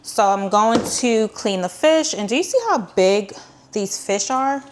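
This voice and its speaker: A woman's voice: mid-range voice, a little slow, slight background noise. A woman hosting a casual cooking tutorial, chatty and rambling, with many ums and restarts and a few dry, sarcastic asides. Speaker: cooking channel host.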